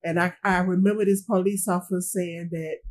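Husky-voiced grieving mother recounting a loss. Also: fairly low pitch, fairly even intonation, a little mellow, low-quality recording. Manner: halting, repeats phrases, trails off. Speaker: interviewee, bereaved mother. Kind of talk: emotional interview testimony.

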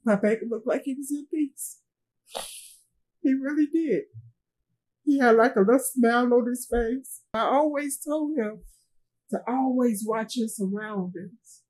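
Middle-aged mother, husky and halting, interview subject recounting loss. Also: a little high, a little mellow, low-quality recording. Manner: halting, repeats herself, trails off. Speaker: grieving mother being interviewed. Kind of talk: emotional personal recounting.

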